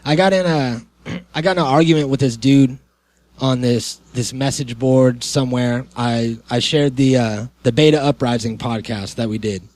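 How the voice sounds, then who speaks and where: A man's voice: mid-range voice, fairly even intonation, normal speed, darkish tone, no echo. A man co-hosting a podcast in casual chat, laid-back and agreeable with a slangy way of talking. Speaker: podcast co-host.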